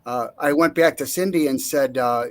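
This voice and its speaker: A middle-aged man recounting his life in a relaxed interview, acting out the voices of the people he quotes, with frequent fillers and restarts. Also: medium pitch, moderate pace. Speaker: interview guest, Navy veteran. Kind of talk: casual storytelling.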